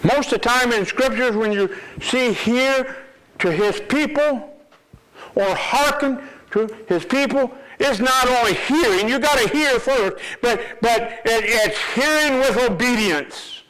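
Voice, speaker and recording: A man's voice: very high voice, a little slow, fairly bright tone, poor audio. A man preaching a sermon with emphasis, reading scripture aloud and repeating his words.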